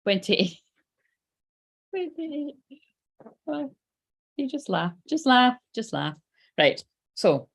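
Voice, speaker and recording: A Scottish woman with a gravelly edge of fry to her voice gives a casual live tarot reading. She talks in a loose, chatty way, swears freely and laughs often. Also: fairly high pitch, very animated, very slow, pauses often. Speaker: psychic tarot reader.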